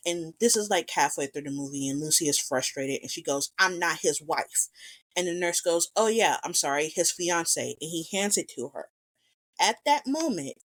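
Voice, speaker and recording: A woman casually talking through a film's plot, retelling scenes and acting out the characters' lines as she goes. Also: lowish voice. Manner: animated retelling, acting out quotes. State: recovering from strep throat. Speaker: podcast co-host. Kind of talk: casual film discussion.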